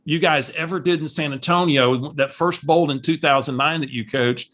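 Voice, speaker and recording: A woman's voice: low voice, normal speed. A man imitating a cheery, chatty woman caller who makes bubbly, friendly small talk.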